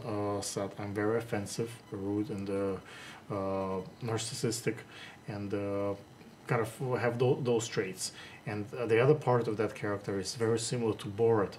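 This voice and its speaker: A man who hosts interviews, talking in a casual, halting way, full of hesitations and restarts. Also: on the low side, steady tone, a little mellow, slight background noise. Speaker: interviewer host.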